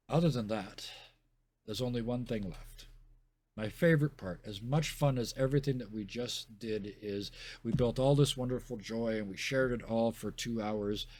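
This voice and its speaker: A man's voice: medium pitch, a little mellow. A man hosting a stream as game master, narrating a scene and then thanking players and chat in a chatty, self-deprecating way.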